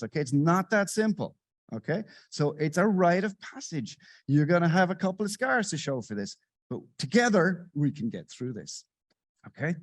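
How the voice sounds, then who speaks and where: Middle-aged guy doing a sarcastic comedy keynote on stage, dry sound, medium pitch. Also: no room sound. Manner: sarcastic and animated, swings between loud bursts and muttered asides. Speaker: conference speaker. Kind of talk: satirical stand-up style keynote. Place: conference stage.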